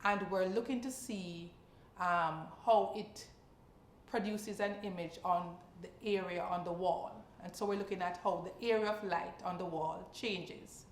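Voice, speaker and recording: A woman's voice: lowish voice, fairly even intonation, unhurried, reverberant, slight background noise. A woman teaching a science exam practice lesson. She explains step by step and keeps checking in with questions to her students.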